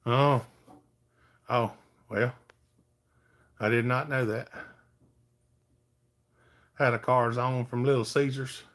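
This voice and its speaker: A man's voice: mid-range voice, fairly even intonation, takes it slowly, pauses often, fairly bright tone. Folksy middle-aged man. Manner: folksy, easygoing, talks to viewers by name. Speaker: livestream host. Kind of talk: casual chat reading viewer comments.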